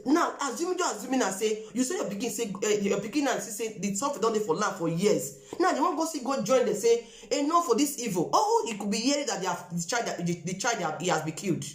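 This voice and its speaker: Impassioned Nigerian woman, lively pitch. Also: fast, few pauses, echoey room. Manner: emphatic, repetitive, mixing in Nigerian Pidgin. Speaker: vlogger. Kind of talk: impassioned appeal to viewers.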